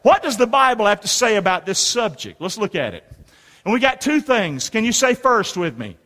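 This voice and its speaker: A man preaching a sermon as pastor, in lively call-and-response with rhetorical questions to the congregation. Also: high voice, moderate pace. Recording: long reverb of a large hall.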